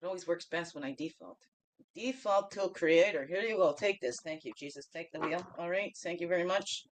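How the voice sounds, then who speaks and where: This woman's voice sits on the low side and moves briskly as she hosts her daily reflection show and chats through a spiritual card reading. She asks "okay?" constantly, laughs frequently and swings from loud to soft asides, with a little hiss or hum in the recording.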